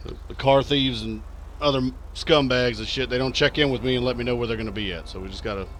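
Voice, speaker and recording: A man's voice: medium pitch, fast, fairly bright tone, slight background noise. A man with a Texan accent, casually chatting and swearing through a live stream while playing a police officer in a role-play game. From Texas. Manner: profane, brash, chatty, reads chat aloud.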